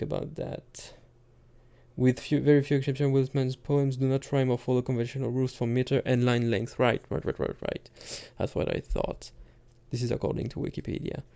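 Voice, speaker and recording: A man's voice: mid-range voice, gravelly, mellow. A man in casual thinking-aloud commentary, muttering asides as he types and reads lines aloud while gaming. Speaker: gamer reading poetry into a game.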